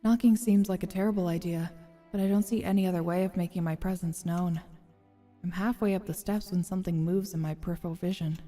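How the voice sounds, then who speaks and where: Mellow woman reading game narration. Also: on the low side, steady tone, fairly quick, in a large hall, soft background music. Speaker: streamer. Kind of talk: reading game narration aloud with casual asides.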